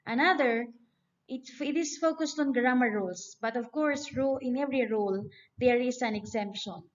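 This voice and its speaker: In a dull, lo-fi recording, a woman lectures on grammar, explaining each step and reading sample sentences aloud. Her voice sits on the high side, and she talks at a normal speed.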